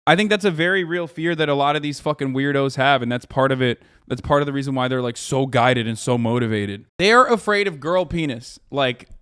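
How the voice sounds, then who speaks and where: A man's voice: mid-range voice, fairly quick, few pauses, fairly bright tone, smooth, no echo, clean studio sound. A man streamer from the United States, giving a profane, emphatic reaction commentary. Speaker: streamer host.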